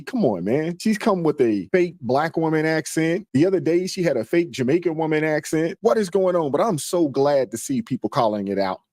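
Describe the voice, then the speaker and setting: A man's voice: a little high, darkish tone, dry recording, clean studio sound. A man hosting his channel with a casual, plainspoken video intro. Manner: laid-back, plainspoken. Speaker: channel host.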